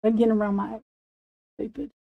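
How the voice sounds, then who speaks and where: A woman's voice: fairly high pitch, fairly even intonation, fast talker, creaky, dry recording, narrow, tinny audio. A woman in her forties chatting casually on a late-night stream, telling rambling, profane stories and laughing often. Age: 40s. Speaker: livestream host.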